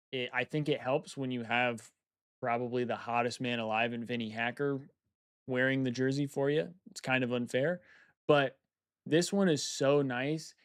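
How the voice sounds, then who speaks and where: Smooth-voiced young male streamer musing aloud. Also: medium pitch, no echo, clean studio sound. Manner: relaxed and musing, repeats phrases, thinks aloud. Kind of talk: casual live-stream chat.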